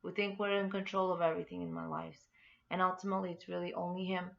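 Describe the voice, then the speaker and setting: Gravelly-voiced woman telling a faith story. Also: fairly low pitch, little pitch movement, fast talker, fairly bright tone. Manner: earnest, heartfelt. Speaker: inspirational podcast host. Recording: dull lo-fi recording.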